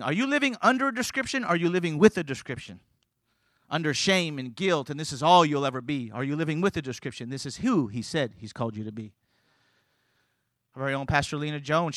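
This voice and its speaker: A middle-aged man preaching a sermon, telling stories and moving from loud, emphatic lines to quiet, hushed ones. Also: fairly high pitch, no echo.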